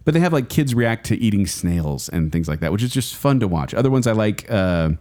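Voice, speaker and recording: A man's voice: on the low side, very animated, fairly quick, darkish tone. A man co-hosting a podcast in casual chat, rambling enthusiastically with many fillers and restarts. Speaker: podcast co-host.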